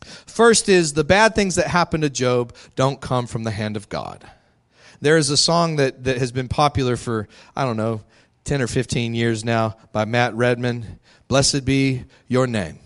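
A man's voice: medium pitch, moderate pace. A male pastor preaching a sermon in a candid, conversational way, laughing often.

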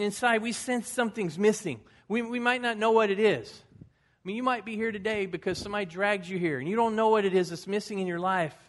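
A man in his fifties, a pastor giving a folksy, conversational sermon with personal stories. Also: high voice.

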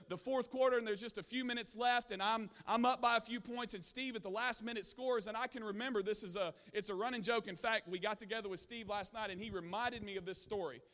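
High bright-voiced man preaching. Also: in a large hall. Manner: earnest storytelling, frequent restarts. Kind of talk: sermon. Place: church sanctuary.

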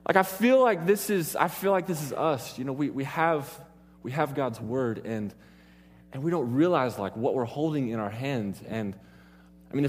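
A man giving a sermon to a live audience, rambling through personal stories and stopping often to restart and joke. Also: medium pitch. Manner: rambling, self-interrupting, joking with the crowd. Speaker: preacher. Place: church hall with an audience. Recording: long hall reverb.

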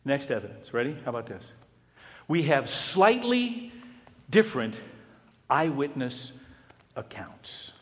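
A fairly high-voiced man delivers a sermon in a large hall where his voice rings with long reverb. He swings from loud, emphatic exclamations down to hushed, nearly whispered phrases. He builds points with rhetorical questions and repeated lists. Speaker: pastor.

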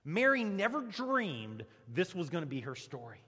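A male pastor preaching a conversational, animated sermon and leading the congregation in repeating lines. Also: high-pitched, moderate pace, breathy edge. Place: church sanctuary. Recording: long reverb of a church hall.

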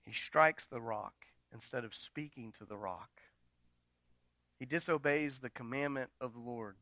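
A man preaching a sermon from slides. He swings between loud, dramatic retellings and quiet, intimate asides to the congregation. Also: medium pitch, a little slow, dry recording. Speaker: pastor.

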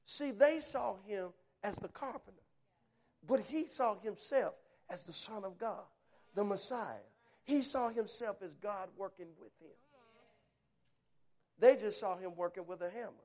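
A man's voice: high voice, measured pace, a little mellow. A man preaching a sermon, emphatic and punchy, telling folksy stories and asking rhetorical questions. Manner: emphatic, punchy short phrases.

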